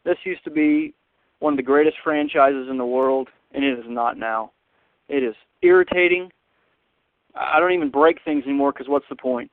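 Frustrated Texan caller on a phone line. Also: male voice, medium pitch, moderate pace, dry recording. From Texas, USA. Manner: frustrated, sighing, griping. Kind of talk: voicemail rant.

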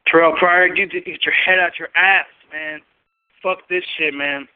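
A man's voice: a little high, fairly even intonation, measured pace, clean tone, dry recording. A man calling a sports show, furious and swearing, repeating how pissed he is. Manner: furious, profane, repetitive. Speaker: caller. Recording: tinny phone line.

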